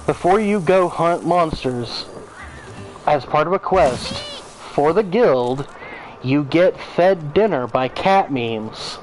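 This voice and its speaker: A man's voice: a little high, lively intonation, slow, faint music behind, rough recording. A man giving casual, profane gameplay commentary, rambling with joking asides. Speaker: let's play host.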